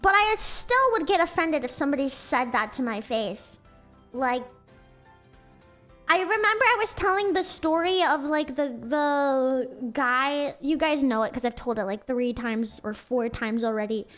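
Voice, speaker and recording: A woman's voice: sits high, a little slow, fairly bright tone, faint music behind. A woman with an American accent chatting casually on a livestream, giggly and rambling with lots of "like" fillers.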